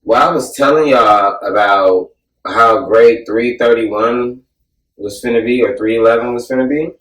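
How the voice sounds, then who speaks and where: A man hosting a casual, profane podcast chat, joking and animated as he recaps events. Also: mid-range voice, a little slow. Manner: animated, joking, mimics people loudly. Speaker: podcast host. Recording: roomy sound, mic at a distance.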